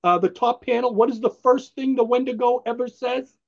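Husky high-voiced man gushing about comics. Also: fairly quick, highs cut off. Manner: enthusiastic, rambling, laughs often. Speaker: podcast co-host presenting a comic. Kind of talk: casual comic book chat.

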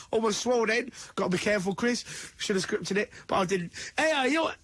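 A man hosting a morning radio show, quick and teasing in his banter. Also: high-pitched, expressive, fairly bright tone, dry recording. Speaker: radio host.

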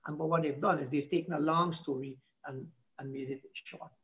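A man's voice: on the high side, fairly even intonation, fairly quick. A man who is an artistic director, talking as an interview guest, rambling and searching for his words as he trails off. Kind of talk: conversational interview. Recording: tinny video-call audio.

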